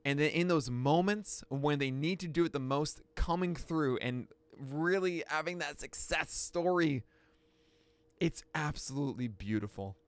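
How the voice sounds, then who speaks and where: Man, excitable pitching analyst, slightly high voice, dry recording. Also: unhurried, no room sound. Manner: excitable, bursts into shouts and laughs. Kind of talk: excited play-by-play pitch breakdown.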